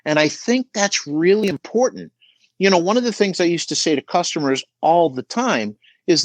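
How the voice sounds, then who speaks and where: A man's voice: fairly high pitch, animated, normal speed, no echo. A middle-aged man giving emphatic coaching advice on a podcast, often checking in with "right?". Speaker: business coach guest.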